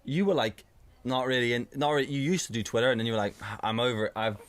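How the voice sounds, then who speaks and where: A man's voice: medium pitch, quick pace. A man co-hosting a casual podcast chat, swearing freely and acting out little scenes as he talks. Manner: swearing, animated storytelling with acted-out voices. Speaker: podcast co-host.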